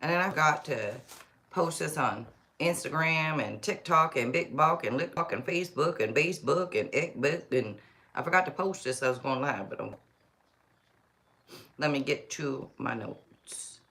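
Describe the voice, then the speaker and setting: A woman's voice: low-pitched, animated, measured pace, bright, forceful tone. A woman hosting a tarot live stream, chatting casually and rambling, often talking to herself. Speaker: tarot reader livestream host. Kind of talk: casual livestream chat.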